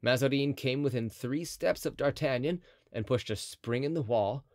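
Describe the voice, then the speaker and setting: A man's voice: medium pitch, moderate pace, a little mellow, dry recording, studio quality. A man narrating a classic adventure novel as an audiobook, telling the story expressively. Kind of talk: scripted narration.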